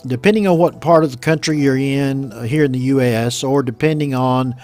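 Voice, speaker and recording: A man's voice: mid-range voice, darkish tone, soft background music. Patient man teaching English words. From United States. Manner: slow, patient explanation with repeated model words. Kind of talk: teaching vocabulary from a news story.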